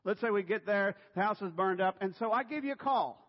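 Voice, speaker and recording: A man preaching a sermon in a church, animated and playful, dropping to a hush and then rising loud. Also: sits high, fairly quick, few pauses. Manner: animated and playful, swinging between hushed and loud. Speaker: pastor. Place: church sanctuary. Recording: reverberant hall, dull sound.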